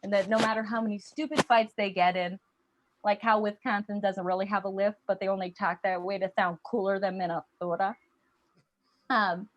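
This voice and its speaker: A woman's voice: mid-range voice, background noise. A woman comedian telling a story in a stand-up set while a little sick. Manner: storytelling, chatty. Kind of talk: stand-up set over a video call.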